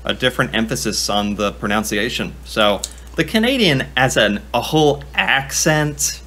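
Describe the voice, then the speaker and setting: A man's voice: medium pitch, lively intonation, moderate pace, sharp tone. A young man giving casual reaction commentary, chatty and self-mocking, thinking aloud as he talks. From United States. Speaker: reaction video creator.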